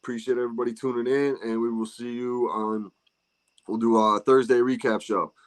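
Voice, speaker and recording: A man's voice: mid-range voice, fairly even intonation, a little fast. A man hosting a casual golf podcast, talking loosely with friends, swearing and laughing. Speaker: podcast host. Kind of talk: casual chat.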